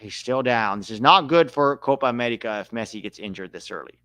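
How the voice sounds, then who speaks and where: A man hosting a live match watch-along, calling the play with excitable outbursts. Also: mid-range voice, fast, dry recording. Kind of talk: live match reaction commentary.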